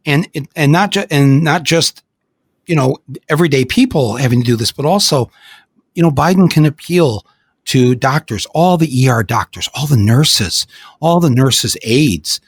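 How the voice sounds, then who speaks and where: An older man hosting a podcast, telling stories in an animated way with many restarts. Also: mid-range voice, normal speed, slightly rough, no room sound. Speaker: podcast host. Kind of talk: casual podcast conversation.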